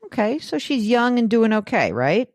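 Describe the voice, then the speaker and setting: A woman hosting a call-in radio advice show, chatty and emphatic, with her pitch jumping up when she gets excited. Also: moderate pace, no echo, studio quality. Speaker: radio and podcast host.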